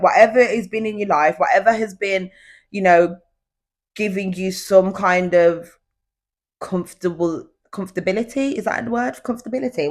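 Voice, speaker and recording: A young woman hosting her own podcast at home, talking casually and confidingly straight to her listeners. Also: mid-range voice. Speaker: podcast host. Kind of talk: casual solo podcast chat. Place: at home, indoors.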